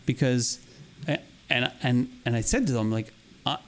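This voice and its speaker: A man's voice: mid-range voice, moderate pace. A man co-hosting a podcast, telling a long story in casual chat, rambling and acting out what people said. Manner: animated, rambling, acts out quoted dialogue with laughs. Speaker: podcast co-host.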